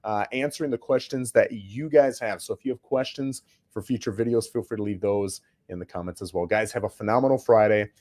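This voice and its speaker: Male host, lowish voice, casual to-camera storyteller, plainspoken and chatty. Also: fairly quick, few pauses, darkish tone. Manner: chatty, often checks in with "right?"; plainspoken, slangy. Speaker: real estate agent and show host.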